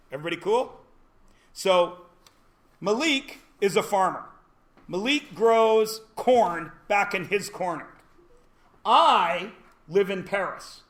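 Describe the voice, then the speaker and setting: A man's voice: high voice, a bit bright. A man teaching a classroom lesson, joking and quizzing his students as he goes. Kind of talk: classroom lecture.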